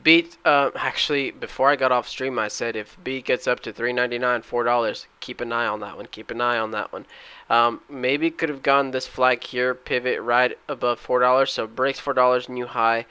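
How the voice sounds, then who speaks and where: A man's voice: mid-range voice, normal speed, smooth, no echo. A young man recapping his day trades over screen recordings, talking casually and getting worked up when a trade fails. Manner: excitable, shouts at the chart when trades fail. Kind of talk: trading recap with screen commentary.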